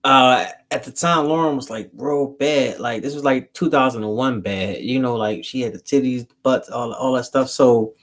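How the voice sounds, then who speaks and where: A man's voice: medium pitch, moderate pace, hardly any pauses. A man, rambling through a story to his channel in loose, slangy talk. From Philadelphia. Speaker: vlogger. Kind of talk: casual storytelling to camera.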